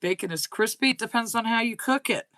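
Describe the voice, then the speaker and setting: A woman's voice: fairly high pitch, brisk, fairly bright tone, no room sound. A woman with a slight Southern US accent hosting a casual livestream chat, reading and answering viewer comments aloud. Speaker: crochet channel host.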